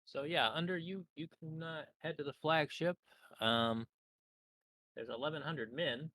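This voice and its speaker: A man running a tabletop game as game master, who talks haltingly with many fillers. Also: on the high side, pushed and bright, dry recording, rough recording.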